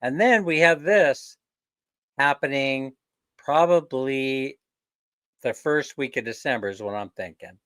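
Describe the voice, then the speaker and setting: Male host, clear crisp voice, unhurried, jokey live-stream banter with frequent chuckles. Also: mid-range voice, a bit bright, no echo. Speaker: livestream host. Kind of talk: casual live-stream chat.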